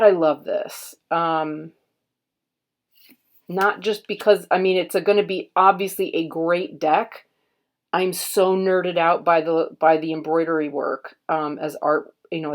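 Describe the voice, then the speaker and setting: Host read: woman, lowish voice, very slow, casual unboxing chat with quiet murmured asides. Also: steady tone. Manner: unhurried, murmurs card names aloud, admiring. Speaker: tarot reader and channel host.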